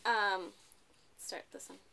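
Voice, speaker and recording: Woman tutor, gravelly edge, patient and coaxing with a young pupil, soft background hiss. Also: medium pitch, fairly even intonation, takes it slowly. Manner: patient, coaxing, ends points with tag questions. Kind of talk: one-on-one tutoring a child.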